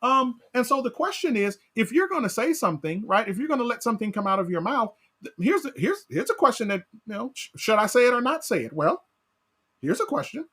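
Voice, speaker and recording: A man leading a Bible study as pastor, animated, asking his class questions and often tagging on "right?". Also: very high-pitched, fairly quick, husky.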